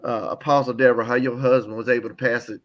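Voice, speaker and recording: An older man giving an emotional, heartfelt testimony on a call, halting and repeating words as he grows tearful. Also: mid-range voice, steady tone, highs cut off.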